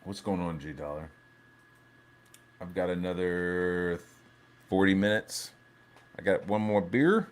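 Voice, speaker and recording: A man hosting a casual live stream, ranting in a profane, rambling, animated way. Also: sits low, measured pace, long pauses. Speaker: livestream host.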